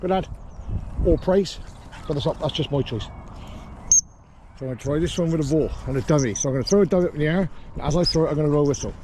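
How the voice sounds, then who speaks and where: Male dog trainer, mellow voice, calm explainer, recorded outdoors with faint background noise. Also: fairly high pitch, fast, long pauses. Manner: calm explaining, with sharp shouted commands to a dog. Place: small grass sports field outdoors.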